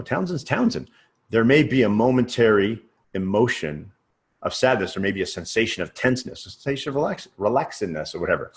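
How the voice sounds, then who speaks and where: A man with a fairly low voice leads a sales training lesson. He talks casually, thinks aloud and keeps asking "right?" to pull the listener along. His pitch sits a little below most men's. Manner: conversational, checks in with frequent "right?"; thinks aloud, uses everyday examples. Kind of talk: teaching lecture.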